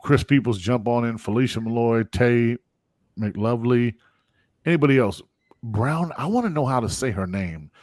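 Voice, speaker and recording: A man's voice: mid-range voice, normal speed, no echo, studio quality. A man hosting a casual live-stream podcast, hyping sponsors and welcoming viewers by name. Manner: animated, hype, reads sponsor plugs and viewer comments. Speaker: podcast host.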